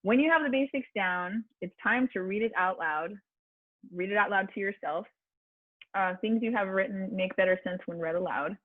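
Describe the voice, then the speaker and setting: A woman's voice: fairly low pitch, no room sound. A woman voice coach teaching a public speaking class online, chatty and encouraging, with fillers and restarts. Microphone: video call. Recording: tinny video-call audio, dry.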